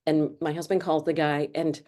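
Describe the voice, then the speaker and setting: A middle-aged woman author chatting in an interview, rambling warmly with lots of fillers and restarts. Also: low-pitched, flat delivery, moderate pace. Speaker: author guest. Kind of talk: casual interview chat.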